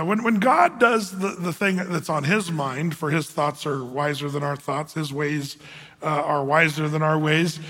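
Male pastor, high voice, casual rambling sermon delivery, hall reverb. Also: a bit bright. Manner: conversational, rambling with many fillers and restarts; acts out quoted voices with raised pitch.

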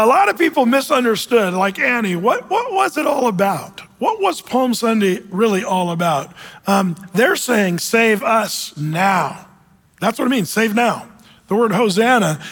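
A husky, fairly high-pitched man preaches a sermon from the pulpit. He reads scripture aloud and tells a story to his congregation. His voice carries a long reverb from a church hall. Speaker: pastor.

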